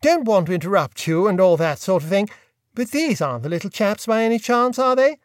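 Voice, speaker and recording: Man doing a chirpy clueless young gent, pitched up, dry close mic. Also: sing-song, a little fast, dry recording. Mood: breezy. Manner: chirpy, breezy, upper-class. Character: affable, bumbling young gentleman, chirpy and clueless.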